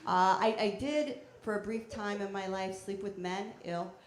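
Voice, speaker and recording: A woman performing a stand-up comedy set on a theater stage with a handheld mic, talking in a deadpan, chatty way with bursts of loud shouting. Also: medium pitch, unhurried. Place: theater stage before a live audience. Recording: echoey theater with faint noise.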